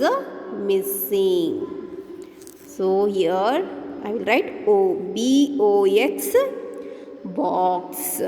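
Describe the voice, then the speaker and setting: A woman's voice: mid-range voice, a little mellow, long reverb tail, slight background noise. A woman with an Indian English accent teaching kindergarten phonics, spelling each word letter by letter and answering her own questions. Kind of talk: slow phonics lesson, spelling words aloud.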